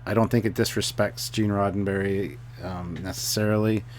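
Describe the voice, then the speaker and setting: A man's voice: fairly low pitch, fairly even intonation, normal speed, darkish tone, a little hiss or hum. A man co-hosting a livestream, reading out viewer messages and chatting casually with a dry, wry manner. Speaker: co-host reading viewer comments.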